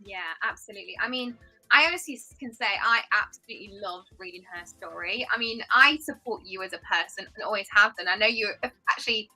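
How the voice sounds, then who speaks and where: A woman's voice: mid-range voice, fairly quick, bright, forceful tone, soft background music, poor audio. A woman guest on a video call, speaking effusively and from the heart in casual chat.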